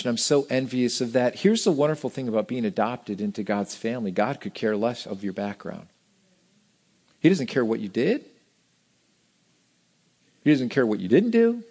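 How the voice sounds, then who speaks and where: A man's voice: medium pitch, a little mellow. A middle-aged man preaching a sermon in a church, talking in a conversational, emphatic way and often restarting his phrases. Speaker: pastor.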